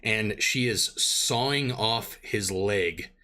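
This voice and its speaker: Bright-voiced man narrating a game. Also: on the low side, slow pace. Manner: rambling, lots of fillers. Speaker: dungeon master.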